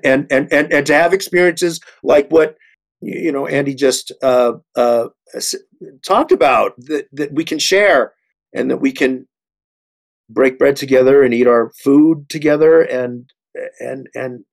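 A man's voice: medium pitch, a little slow, gravelly. A man in his sixties, an actor on a panel, speaking earnestly with many restarts and repeated words. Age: 60s. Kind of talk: panel discussion.

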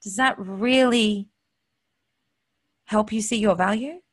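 A woman's voice: medium pitch, slow pace, slightly rough. A woman hosting her own show, giving an earnest, heartfelt and openly emotional motivational monologue. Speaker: host.

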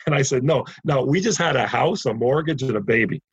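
Husky man telling a lively story. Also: mid-range voice, normal speed, no room sound, lo-fi sound. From Canada. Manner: animated anecdotes, acting out quoted dialogue. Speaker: guest, ministry founder. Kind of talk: storytelling in a podcast interview.

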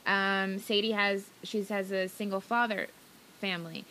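Bright-voiced young woman podcast co-host. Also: mid-range voice, steady tone, slight background noise, rough recording. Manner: chatty, joking asides, quick giggles. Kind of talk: casual chat.

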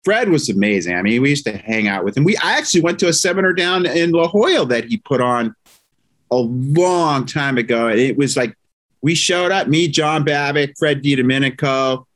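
A man's voice: mid-range voice, expressive, moderate pace, fairly bright tone. Brash, emphatic man. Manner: brash and emphatic, swears casually. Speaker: guest chiropractor. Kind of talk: casual interview chat.

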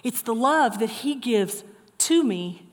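Animated woman preaching in a reverberant hall. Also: a little high, takes it slowly. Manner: animated storytelling, then soft earnest exhortation. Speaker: pastor. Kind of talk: sermon.

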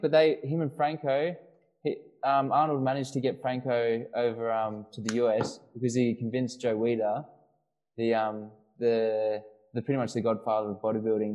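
A man's voice: mid-range voice, dark tone, lo-fi sound. A man co-hosting a casual podcast, telling a long story with many restarts and fillers. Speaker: podcast co-host. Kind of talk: casual chat.

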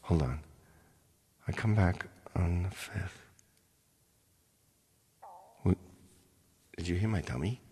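A man's voice: sits low, expressive, slow pace, long pauses, warm tone, big-room sound. A man hosting a live stream as its singer, chatting casually with viewers, thanking them by name and thinking aloud.

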